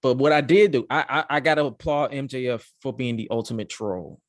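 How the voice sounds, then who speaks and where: A man hosting a podcast, reviewing wrestling in excitable, profane, rambling casual chat. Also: medium pitch, brisk, dry recording, studio quality. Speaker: podcast host.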